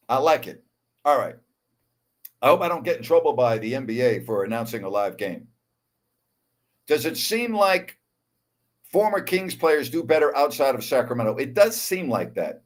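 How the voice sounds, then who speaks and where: A man in his sixties hosting a live sports talk show, wound up and excitable, calling game action and chatting while repeating himself. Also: medium pitch, moderate pace, pauses often. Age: 60s. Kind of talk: live show, chat with calls of a basketball game.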